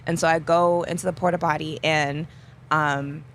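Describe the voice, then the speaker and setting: A woman's voice: low voice, moderate pace, a little hiss or hum. Laughing young woman telling a story. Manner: animated, acts out quoted dialogue, laughs often. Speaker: interview guest, athlete. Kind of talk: casual storytelling.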